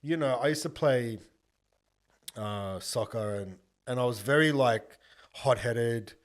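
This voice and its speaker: A man chatting as a podcast guest, his pitch sitting in an ordinary middle register. He tells stories bluntly and animatedly, voicing each side of a conversation himself and swearing freely. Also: slow pace. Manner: animated storyteller, acts out both sides of conversations; blunt and profane. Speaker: podcast guest, buyers agent. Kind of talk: casual podcast storytelling.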